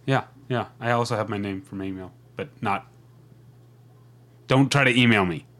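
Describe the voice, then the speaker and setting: Midwest guy in his 40s just chatting on a podcast, kinda low voice, keeps restarting his sentences. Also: moderate pace, fairly bright tone. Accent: Midwestern American. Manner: rambling, self-interrupting, laughs easily. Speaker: podcast co-host. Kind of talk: casual podcast chat.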